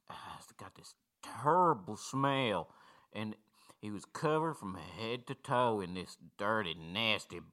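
A rambling drunk hillbilly caller , played by a man, with a thick drawl. The voice sits low and mumbles along, stumbling over words and restarting. It carries a bright, forward edge. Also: full character voice. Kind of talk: comedy call-in sketch.

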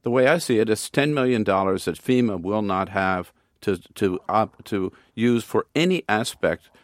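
A man's voice: lowish voice, moderate pace, dry recording, studio quality. A man political commentator on a panel, making pointed, argumentative points.

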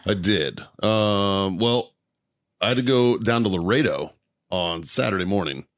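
A man's voice: fairly low pitch, unhurried, fairly bright tone, dry recording, clean studio sound. A man co-hosting a podcast, telling a weekend story in casual chat, cursing freely and laughing often. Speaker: podcast co-host.

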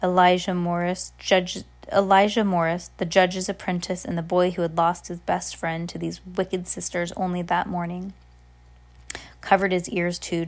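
A woman reading a storybook aloud, stumbling and restarting now and then. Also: lowish voice. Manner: unpolished, frequent restarts. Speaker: reader.

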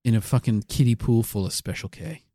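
A man's voice: mid-range voice, animated, brisk, warm tone, no echo, studio quality. A man co-hosting a comedy podcast, telling a rambling, crude and absurd improvised story.

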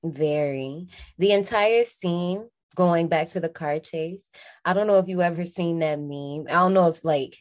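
A woman's voice: lowish voice, a little slow. A woman in her twenties, a podcast co-host, recapping a film in casual, slangy chat and laughing often.

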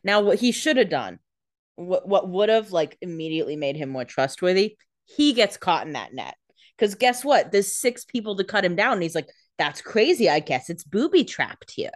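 A woman's voice: on the low side, very animated, normal speed, no echo. A woman co-hosting a podcast, making sarcastic jokes and teasing asides about a TV episode. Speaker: podcast co-host. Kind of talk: casual chat, wisecracks.

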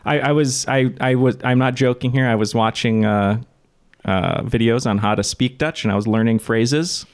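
A man's voice: medium pitch, moderate pace, smooth. A man hosting a casual trivia podcast, rambling with lots of fillers and laughing at himself. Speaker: podcast host.

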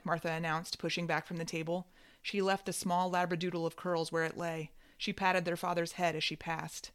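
A woman narrating literary fiction in a measured, wry reading voice. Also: fairly low pitch, level tone.

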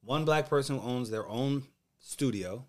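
A man's voice: medium pitch, unhurried. A man co-hosting a casual podcast, arguing bluntly and profanely and laughing between points. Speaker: podcast co-host.

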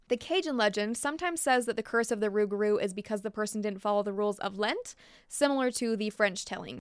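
A woman with a smooth, somewhat high voice hosts a podcast, recorded with studio quality and no echo. She tells spooky legends, sprinkling in chatty, playful asides.

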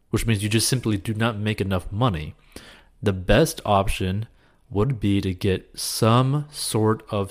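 A man's voice: on the low side, darkish tone. A man answering a viewer's question with casual, earnest money advice, encouraging and peppered with "like" and "you know.". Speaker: personal finance advice host.

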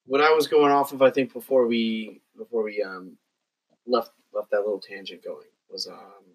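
A man talking casually about a film on a podcast, rambling and halting with many fillers. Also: fairly low pitch, fairly even intonation, poor audio. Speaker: podcast guest.

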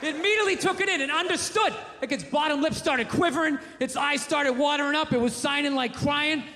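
A male stand-up comedian telling a story in a profane, animated rant. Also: very high-pitched, brisk. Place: live comedy venue. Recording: echoey hall with audience.

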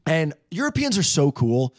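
A man guesting on a radio show, telling a dating story in a playful, animated way with easy laughs. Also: a little high, moderate pace, dry recording, clean studio sound. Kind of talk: casual storytelling chat.

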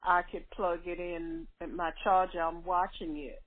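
A woman's voice: lowish voice, level tone, a little slow. Woman calling in on the phone, chatty and rambly, repeats herself, tinny line. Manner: rambling, repeats herself, trailing off mid-thought. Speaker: caller on a live stream call. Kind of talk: casual phone chat.

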